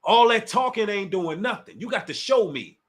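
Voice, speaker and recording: On a casual livestream, a man from the D.C. area goads a rival and talks directly to his viewers' chat. He speaks at normal speed in a high, expressive voice.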